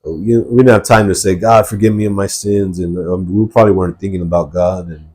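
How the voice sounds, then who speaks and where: A man with a low, dark voice tells his life story in a podcast interview. He talks earnestly and rambles, with a husky edge and many fillers. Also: steady tone, fairly quick. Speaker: guest sharing testimony. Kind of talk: personal testimony in a podcast interview.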